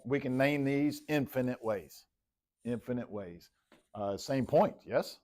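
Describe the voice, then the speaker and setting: A man's voice: medium pitch, measured pace, warm tone. Man teaching a math class. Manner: talking while plotting on the board, quizzing students by name. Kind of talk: classroom lecture.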